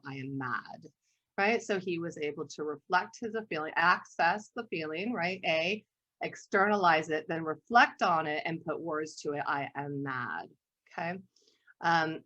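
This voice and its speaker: A woman art therapist leads an online workshop, telling stories with animated energy and frequent laughter. Her voice sits a little low for a woman. The video-call audio is dull and lo-fi. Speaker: guest art therapist presenter.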